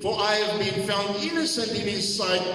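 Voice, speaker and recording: High-pitched preacher guy, far off the mic, big church echo. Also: lively intonation, bright, forceful tone. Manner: reads scripture slowly, then explains with many fillers. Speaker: pastor. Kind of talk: sermon. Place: church hall. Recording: echoey church hall from far off.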